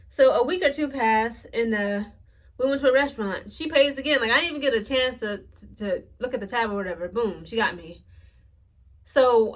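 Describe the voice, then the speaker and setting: Blunt, exasperated young woman ranting. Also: a little high. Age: late 20s. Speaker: vlogger. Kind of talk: casual storytelling rant.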